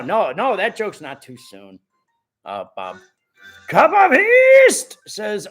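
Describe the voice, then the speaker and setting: A man with a high voice hosts a live stream in a casual, joking way, reading viewer comments aloud. His voice cracks a little now and then. He swoops up and down as he talks, over faint background music. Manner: animated and jokey, talks straight to the viewers.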